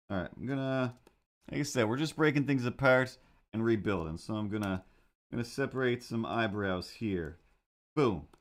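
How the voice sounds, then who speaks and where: A man animating on a live stream, chatting casually to viewers in a rambling, easily sidetracked way with excitable asides. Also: fairly low pitch. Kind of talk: casual livestream chat while animating.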